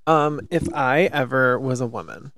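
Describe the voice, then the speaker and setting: A man's voice: medium pitch, animated, moderate pace, vocal fry, fairly bright tone, slight background noise. A man co-hosting a casual podcast chat, stoned, giggling and rambling as he talks. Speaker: podcast co-host.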